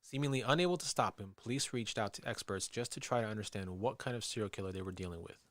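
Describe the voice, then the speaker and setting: Male podcast co-host, lowish voice, dry mic, steady script reading. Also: fast talker, no echo. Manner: reads narration steadily, laughs easily in banter. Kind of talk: reading a true-crime script, then casual chat.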